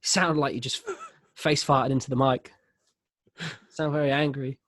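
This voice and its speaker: A man's voice: medium pitch, fairly even intonation, measured pace, fairly bright tone, no echo, studio quality. A man hosting a podcast, teasing his friend in casual, laughing chat with plenty of swearing. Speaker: podcast host.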